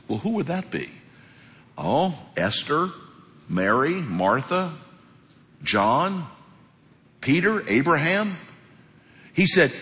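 A middle-aged man, a pastor, delivering an emphatic, animated sermon with quick asides, in a church sanctuary. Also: on the high side. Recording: long hall reverb.

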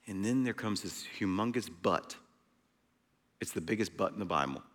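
A male preacher delivering a sermon, emphatic, swinging between loud and hushed delivery. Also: fairly low pitch, normal speed, in a large hall.

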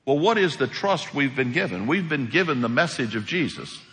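Animated preacher man in an echoey hall. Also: medium pitch, normal speed. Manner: animated preaching with acted-out quotes. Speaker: pastor. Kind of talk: sermon.

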